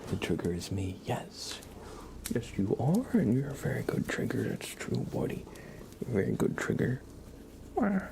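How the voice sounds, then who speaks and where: Guy doing soft asmr chat on a live stream, gravelly half whisper, cooing at his pet, some background noise. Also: medium pitch, sing-song, unhurried, pauses often. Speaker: ASMR livestream host.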